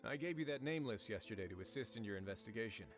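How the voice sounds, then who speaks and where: An actor playing a calm, authoritative male warden who talks in a measured, dry way, from a video game. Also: lowish voice, faint music behind, natural voice. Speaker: prison warden.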